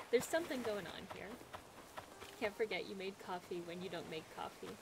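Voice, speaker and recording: A woman's voice: medium pitch, moderate pace, background noise. A young woman streaming a game, chatting casually and giggling often as she reads chat aloud. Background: game music.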